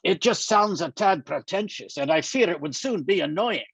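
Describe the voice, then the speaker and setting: A man reading a novel aloud and voicing a dry, teasing older man with a gruff, droll manner. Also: sits high, lively intonation, moderate pace, a bit bright, dry recording, heavily acted. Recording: dull, muffled dry sound.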